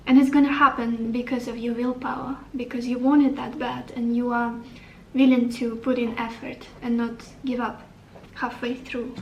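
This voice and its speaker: A woman's voice: on the high side, flat delivery, moderate pace, few pauses, darkish tone, reverberant, recorded from a distance, highs cut off, a little hiss or hum. A woman giving a tarot reading to the camera, upbeat and encouraging, thinking aloud as she turns over cards. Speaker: tarot reader.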